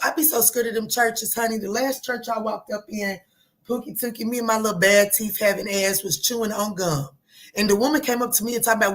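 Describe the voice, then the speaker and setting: A woman giving a casual tarot reading, talking in a chatty, animated way, swearing and joking with her viewers. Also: fairly high pitch, moderate pace. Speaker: tarot reader.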